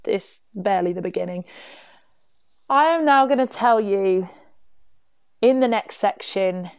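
A woman's voice: medium pitch, darkish tone, no room sound. Chatty woman rambling through a story. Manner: chatty, rambling, full of fillers and asides. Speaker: vlogger. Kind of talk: casual storytime monologue.

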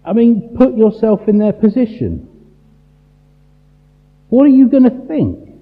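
Emphatic preacher in a big echoing hall. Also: male voice, sits high, huge pitch swings. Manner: emphatic, rhetorical questions, dramatic pauses. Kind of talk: sermon. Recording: tinny phone-like sound in a large reverberant hall.

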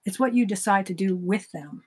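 A woman's voice: mid-range voice, moderate pace, husky. A woman hosting a self-help podcast, giving a motivational talk and acting out imagined conversations. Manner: acts out imagined dialogues in lively voices.

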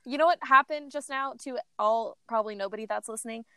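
A woman's voice: on the high side, fast, crowd noise. A young woman co-hosting a podcast, telling a playful story in casual chat with lots of fillers. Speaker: podcast co-host.

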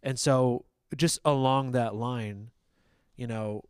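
A man's voice: medium pitch, steady tone, takes it slowly, darkish tone, smooth, dry recording. Man, church group member, hesitant questions, thinks aloud, dry sound. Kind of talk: casual church discussion.

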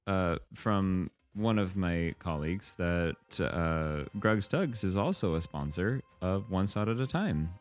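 A man's voice: low-pitched, expressive, takes it slowly, few pauses, soft background music. A man guest playing a tabletop game, chatting playfully and joking. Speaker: guest player. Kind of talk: casual chat at a tabletop game.

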